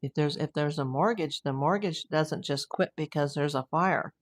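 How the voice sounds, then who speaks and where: A woman's voice: low-pitched, normal speed, a little hiss or hum. A woman hosting a casual livestream, chatting with viewers and rambling easily between comments and news. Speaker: true crime livestream host. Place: home.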